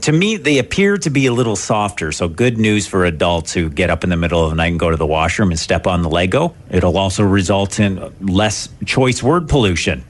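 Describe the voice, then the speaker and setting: Male morning radio co-host, lower voice, pitch jumps all over, jokey and animated. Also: fairly quick, hardly any pauses. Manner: animated, laughs at his own jokes. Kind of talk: joking morning radio banter.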